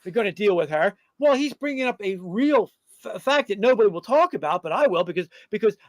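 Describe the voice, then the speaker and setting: Middle-aged male talk host, high voice, rambling combative commentary, lots of filler. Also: expressive, a little fast, no room sound.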